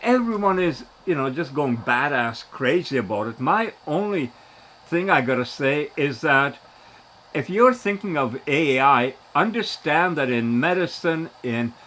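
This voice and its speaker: A man in his seventies talking in a rambling, animated way in a casual monologue, his voice jumping up when he gets excited. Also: fairly high pitch, measured pace, slight background noise. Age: 70s. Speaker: vlogger.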